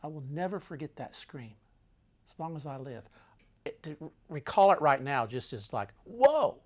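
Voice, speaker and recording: An older man telling a travel story with dramatic, animated delivery that swings between loud and hushed. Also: fairly high pitch, normal speed.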